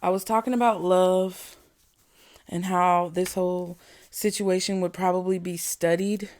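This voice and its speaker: A woman's voice: lowish voice, steady tone, darkish tone. A woman vlogger giving a casual spiritual talk to her viewers, calling them y'all and child in a chatty way. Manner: slow, drawn-out delivery. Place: home indoors.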